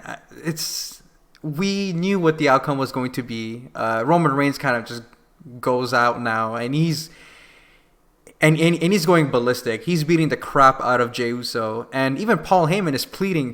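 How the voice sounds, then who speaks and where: A man co-hosting a podcast, retelling a wrestling event in an animated, casual way full of fillers. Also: mid-range voice, normal speed. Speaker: podcast co-host. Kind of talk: casual wrestling review chat.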